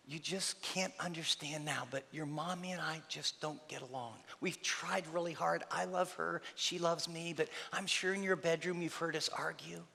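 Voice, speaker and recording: A man doing a hushed, tender father. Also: on the high side, vocal fry, full character voice. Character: nervous divorcing father telling young daughter gently. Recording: reverberant hall.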